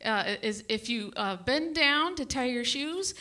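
A woman doing a stand-up set on a brewery stage, telling stories in a halting, stammering way. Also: on the high side, animated, sharp tone. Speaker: stand-up comic. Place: brewery stage with live audience.

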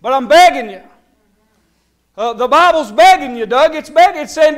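A man's voice: very high voice, expressive, normal speed. A middle-aged man preaching a Baptist sermon in a church, pleading and calling on people by name. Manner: impassioned, pleading, calls on congregants by name. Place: church sanctuary.

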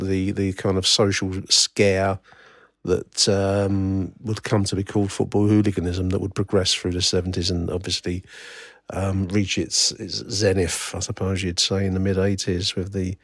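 A man's voice: low voice, no room sound, clean studio sound. A middle-aged man from England hosting a solo podcast, talking in a wry, rambling way full of fillers and restarts. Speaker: podcast host. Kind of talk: casual solo podcast commentary.

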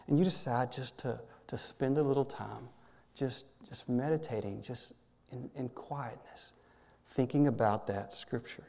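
A man serving as minister, leading a guided prayer meditation in a gentle, halting way, often repeating words and dropping to a soft hush. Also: medium pitch, vocal fry, in a large hall. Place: church sanctuary.

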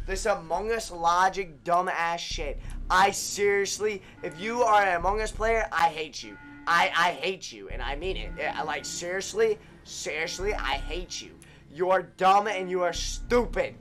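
A young man giving live commentary on his own gameplay, ranting and swearing in exasperation, swinging from shouts down to muttering. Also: high voice, measured pace, few pauses, soft background music. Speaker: gaming streamer.

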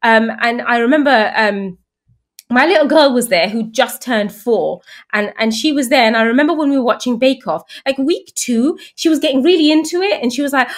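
A woman's voice: high voice, fairly quick. A woman in her thirties from England, a guest telling stories in casual chat and acting out the voices of the people she quotes. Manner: animated storyteller, acts out quoted voices.

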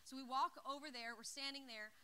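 A young woman giving a youth service message, telling a story in an excited, chatty way with lots of "like" into a handheld mic. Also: high voice, brisk, smooth. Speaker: youth speaker.

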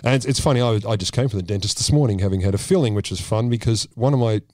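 Aussie male podcast co-host, crude and jokey, lowish voice, dry close mic, slightly numb-lipped. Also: very fast, darkish tone, no room sound. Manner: crude, jokey, swears often. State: numb lip from dental filling. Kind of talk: casual comedic chat.

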